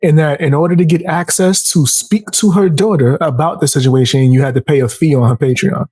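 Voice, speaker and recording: A man hosts a casual podcast, recounting stories with lots of energy and jumping into other people's voices as he goes. His voice sits a bit high for a man. The sound is dry and close, with no room around it. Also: fairly quick, slightly rough, dry recording. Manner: animated storyteller, acts out quotes in a raised voice. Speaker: podcast host.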